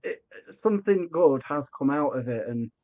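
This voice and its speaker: A man telling a story on a narrow, tinny line that sounds like a phone call. His voice sits a little high for a man, and he acts out every quoted line with lots of restarts and false starts. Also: normal speed. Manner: animated, acts out quoted dialogue, frequent restarts. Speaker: podcast guest. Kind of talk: conversational storytelling.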